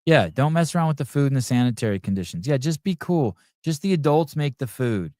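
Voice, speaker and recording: A man's voice: mid-range voice, animated, a little fast, dark tone, dry recording, studio quality. A middle-aged man hosting a podcast, rambling crudely and profanely while reading out chat comments. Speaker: podcast host. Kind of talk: crude off-the-cuff livestream chat.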